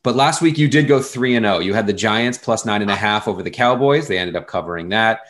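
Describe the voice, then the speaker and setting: A man's voice: fairly low pitch, animated, brisk, a bit bright. A man co-hosting a casual sports betting podcast, easygoing and explaining with examples. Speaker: podcast co-host. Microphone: studio mic.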